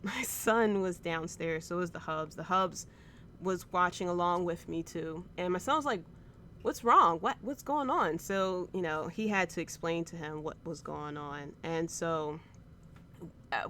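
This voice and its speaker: This podcast host, a woman in her thirties, has a fairly low voice with fairly even intonation, a measured pace, and a fairly bright tone. She rambles through an emotional, filler-laden show recap on her casual wrestling podcast, and there's slight hiss or hum.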